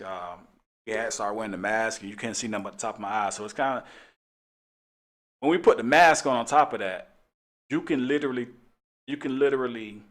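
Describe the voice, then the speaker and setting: A man's voice: on the low side, a bit bright. A middle-aged man, a police officer hosting a talk show, telling a casual story in a laid-back way and laughing often.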